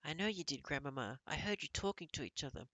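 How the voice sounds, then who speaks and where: A man's voice: fairly high pitch, animated, fast talker, bright, forceful tone, no room sound, pitched above the performer's own voice, heavily acted. A man doing a tender old grandmother. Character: loving elderly grandmother, tender.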